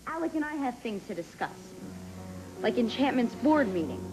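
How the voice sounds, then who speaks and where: A sharp-tongued young woman in a 1990s daytime soap, all scorn and mockery. Her voice sits high and swoops about lively as she needles her father. Soft music hums underneath. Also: moderate pace, poor audio. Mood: bitter, sarcastic. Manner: sarcastic, bitter and mocking.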